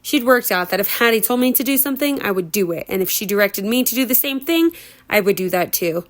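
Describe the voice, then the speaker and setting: A woman's voice: mid-range voice, lively intonation, fast talker. A woman reading a novel aloud at home as a homemade audiobook, breaking into giggly, chatty asides. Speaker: reader.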